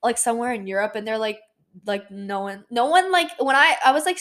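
A teenage woman co-hosting a podcast in casual chat, talking fast with lots of fillers and restarts. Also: a little high, a bit bright. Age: teens. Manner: chatty, many "like" fillers and restarts. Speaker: podcast co-host.

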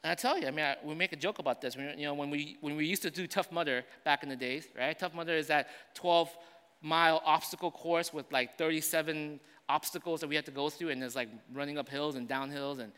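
A man preaching a sermon as pastor, moving between loud, urgent declarations and quiet, conversational asides. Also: on the high side, steady tone, quick pace, clean tone, long reverb tail.

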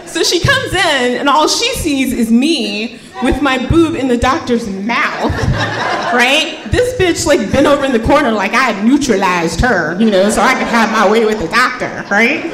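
A woman telling a comedic story on stage, animated and swearing, acting out voices. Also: on the high side. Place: live show before a laughing audience. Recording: roomy hall with crowd.

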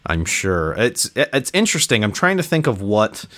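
A man's voice: mid-range voice, sing-song, moderate pace, fairly bright tone. A man co-hosting a gaming podcast, easygoing and chatting casually. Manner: easygoing, laughs along. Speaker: podcast co-host. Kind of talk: casual chat.

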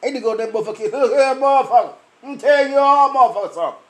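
High-voiced, profane man ranting. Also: very fast. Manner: angry, profane, swaggering comic delivery. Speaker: vlogger. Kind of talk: profane rant.

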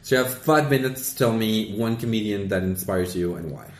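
A man's voice: fairly low pitch, a little fast, echoey room. A man hosting a casual podcast who rambles through his points with many restarts. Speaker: podcast host.

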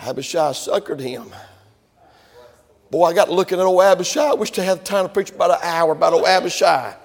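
A man preaching a sermon, telling stories in a folksy way and building up to shouting. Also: high voice, fast talker, gravelly, long reverb tail.

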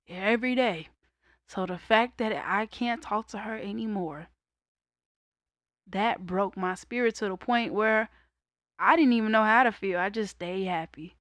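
A young woman candidly telling a personal story in a casual monologue, raw and conversational, breaking into loud laughter. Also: mid-range voice, no echo, clean studio sound. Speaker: vlogger.

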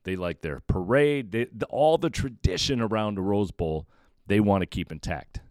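Opinionated deep-voiced man hosting a sports podcast. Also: lively intonation, moderate pace, darkish tone, no room sound, studio quality. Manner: opinionated, emphatic, with repeated words. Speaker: podcast host. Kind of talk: solo sports podcast commentary.

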